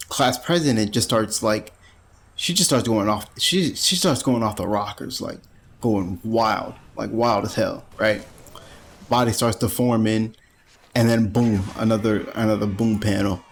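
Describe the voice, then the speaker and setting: A man's voice: lowish voice, a little hiss or hum. A man giving a casual, rambling manga chapter review, full of slang and frequent laughter. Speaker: anime reviewer.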